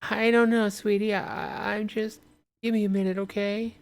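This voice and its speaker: A frightened, starving woman pleads to be let in, her voice pitched up high and shaky, as a man reads her lines aloud. Her tone is smooth and clear. She sounds close to breaking. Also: level tone, normal speed. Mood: desperate. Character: desperate pleading woman outside a shelter.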